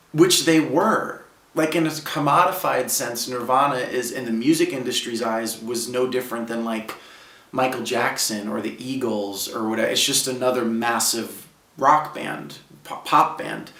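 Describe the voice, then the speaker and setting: A man's voice: medium pitch, a bit bright, distant mic. Man, 30s, from Brooklyn, casual heartfelt storytelling, roomy echo, set back from the mic. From Brooklyn, New York. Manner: casual, heartfelt, heavy use of "like". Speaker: musician guest. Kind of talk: reflective personal storytelling. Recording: roomy sound, speaker away from mic.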